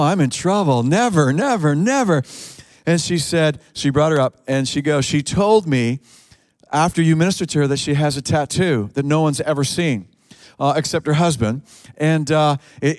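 A man preaching a sermon, telling a story with lively acted-out quotes and frequent restarts. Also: a little high, no room sound. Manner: animated storyteller, acts out quotes, many restarts. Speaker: pastor.

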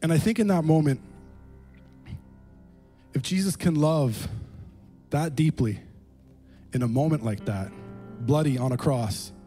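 A man preaching a sermon to a congregation in a casual, conversational tone. His voice sits fairly high and sounds mellow and warm, with frequent "you know" fillers and light chuckles. Soft music plays faintly behind him. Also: a little slow, long pauses. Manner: chuckles between points. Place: room with a gathered congregation.

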